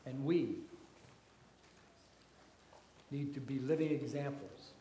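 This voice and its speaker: A man preaching a sermon as pastor, slow and deliberate, his voice rising for emphasis and then dropping soft. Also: medium pitch, echoey room, slight background noise.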